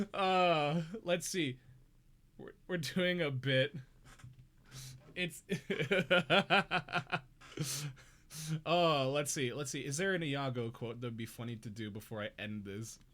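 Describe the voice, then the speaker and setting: A man's voice: on the high side, very slow, pauses often, sharp tone. A young man chatting casually on a live stream from his home, giggly and rambling. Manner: giggly, rambling, self-deprecating. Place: home room.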